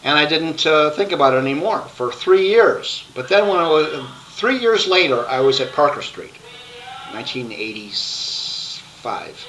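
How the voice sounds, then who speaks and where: Guy rambling his life story into a webcam, lots of restarts, bright voice. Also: medium pitch, a little hiss or hum, poor audio. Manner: rambling, halting, with many restarts and fillers.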